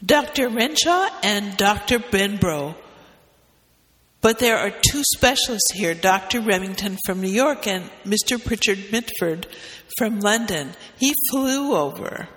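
A man's voice: sits high, animated, a little slow, fairly bright tone, long reverb tail, poor audio. A man voicing a polite young female nurse briefing a doctor. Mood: informative.

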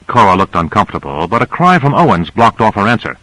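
A man narrating an audiobook in a measured storytelling manner. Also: fairly low pitch, very animated, pushed and bright, dry recording, poor audio.

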